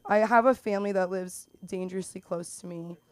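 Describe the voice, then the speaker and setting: A young woman performing an open mic stand-up set, rambling through stories with lots of "like" and "um" and bursting into loud put-on voices for the people she describes. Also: medium pitch, steady tone, a little fast, no room sound. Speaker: stand-up comic. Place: small comedy club stage.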